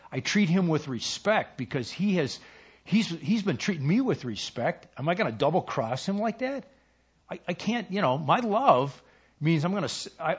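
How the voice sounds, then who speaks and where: A man's voice: on the high side, husky, highs cut off. A middle-aged man preaching a conversational sermon, speaking casually with frequent fillers and acting out quoted lines. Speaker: pastor.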